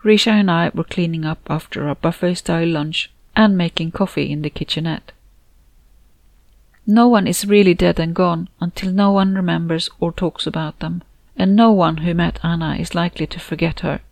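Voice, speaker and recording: A woman narrating her own novel in the first person, in a soft, low-key way, recorded on a close mic. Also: fairly even intonation, normal speed, creaky, dry recording, poor audio. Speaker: audiobook narrator and author.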